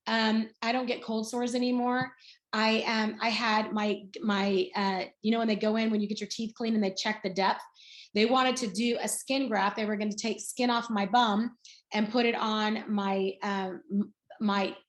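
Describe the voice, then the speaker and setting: A woman's voice: on the high side, little pitch movement, moderate pace. A woman in her sixties telling her personal story in a chatty, storytelling way on a video call, acting out bits of dialogue as she goes. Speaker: guest speaker. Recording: roomy echo.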